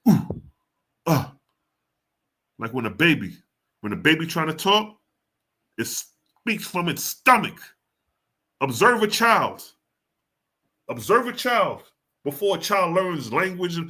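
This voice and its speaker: Bright-voiced man giving slangy scripture commentary. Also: a little high, slightly rough. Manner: reads passages aloud then explains in slangy, emphatic talk. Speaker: scripture teacher.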